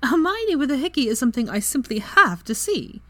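A woman's voice: fairly high pitch, big pitch swings, brisk, a little mellow, voice pushed up. Ginny, a woman voicing a cheeky young witch. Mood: teasing.

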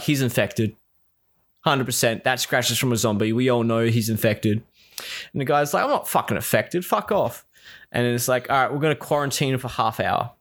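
A man's voice: medium pitch, fairly bright tone. Profane, exasperated man recapping a show. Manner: profane, exasperated, acts out quoted lines. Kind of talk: casual spoken recap.

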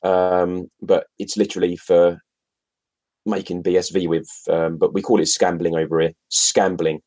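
A man's voice: sits low, level tone, normal speed, mellow. A man co-hosting a casual livestream, reading viewer comments aloud and talking to the audience directly. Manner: chatty, addresses viewers directly, laughs often. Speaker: co-host reading chat comments.

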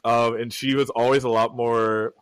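A man in his thirties, a podcast guest telling a personal story in a casual, animated way. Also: moderate pace, clean tone, dry recording. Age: 30s. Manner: animated storyteller, acts out quotes with big pitch jumps. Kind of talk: casual conversation.

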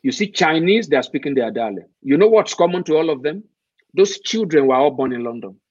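A man's voice: on the high side, lively intonation, brisk, breathy edge, no echo. A man from Nigeria, speaking emphatically as an interview guest and posing rhetorical questions. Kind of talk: conversational interview. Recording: dull, muffled dry sound.

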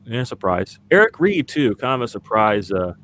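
A very animated man co-hosts a sports podcast, chatting casually and venting his exasperation amid plenty of fillers. His voice is fairly low and fairly bright in tone, at normal speed, with slight background noise.

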